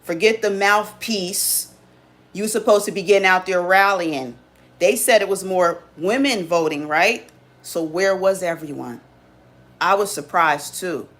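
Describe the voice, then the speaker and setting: A woman with a slightly lower voice hosts a live stream. She talks straight to her viewers in a loose, casual monologue. Her manner is sassy, teasing and full of slang. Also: unhurried.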